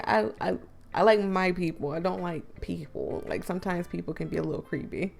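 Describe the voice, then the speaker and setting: A woman's voice: on the low side, brisk, creaky, darkish tone, faint music behind. A young woman streamer making joking, self-deprecating asides over a game, her voice a little worn. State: slightly losing her voice. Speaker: gaming streamer. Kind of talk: casual let's-play commentary.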